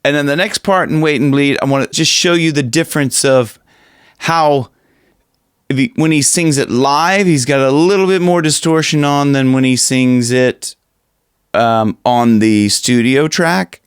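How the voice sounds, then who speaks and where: A male vocal coach explains technique in an unhurried, rambling way, circling back on his own phrases. The sound is dry and close, with no room around it. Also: medium pitch, no echo. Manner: rambling, restarts, demonstrates screamed lines and breathy talk. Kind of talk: casual vocal lesson with demonstrations.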